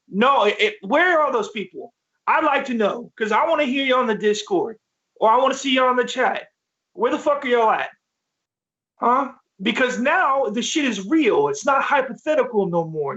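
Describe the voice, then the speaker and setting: Angry guy ranting about his team, high voice, kinda muffled lo-fi audio. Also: fairly bright tone. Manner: furious, profane, repetitive ranting. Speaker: sports talk show host. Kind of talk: heated sports rant. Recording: dull lo-fi sound.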